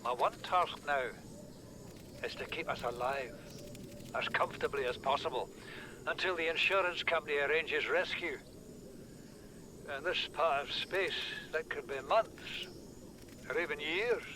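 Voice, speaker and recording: A man's voice: fairly high pitch, measured pace, pauses often, noisy background, lightly acted. An actor playing a stern middle-aged ship captain and father, speaking in curt, commanding lines in a game audio log. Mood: resolute.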